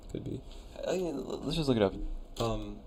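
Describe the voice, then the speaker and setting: This young male streamer, a college student, has a mid-range, expressive, slightly mellow voice and takes his time. He's reviewing viewers' conlangs in an easygoing, talkative way, reading chat out loud and trying out made-up words over faint background noise.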